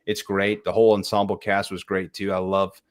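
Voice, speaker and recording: A man's voice: low-pitched, monotone, fairly quick. A man co-hosting a casual movie podcast, enthusiastic and rambling. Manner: enthusiastic, rambling, lots of fillers. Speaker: podcast co-host. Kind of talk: casual chat.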